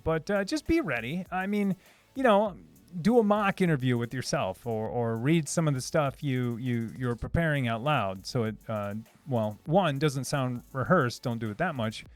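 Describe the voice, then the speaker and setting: A man's voice: mid-range voice, dry recording. A man hosting a casual live stream, answering chat questions in a hesitant, restarting way. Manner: hesitant, many restarts, reads chat aloud.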